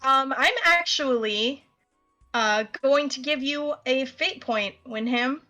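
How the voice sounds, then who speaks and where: A woman running a tabletop one-shot as game master, narrating in a relaxed way full of fillers. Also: high-pitched, slow pace, soft background music.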